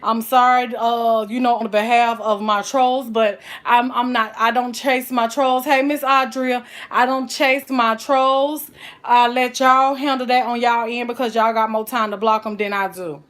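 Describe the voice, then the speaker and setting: A woman's voice: on the high side, steady tone, a little slow, fairly bright tone. A woman chatting folksily while cooking on a live stream, calling her viewers child and honey. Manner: folksy and chatty, full of endearments.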